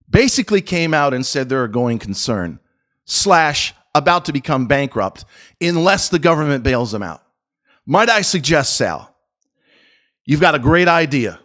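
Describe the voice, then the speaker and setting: A middle-aged man with a fairly high voice rants about stocks to his viewers. He talks in a profane, combative way, punching some lines loudly and dropping others to a low mutter. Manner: profane, combative, swings between loud jabs and low muttered asides. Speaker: stock market commentator. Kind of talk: ranting market commentary video.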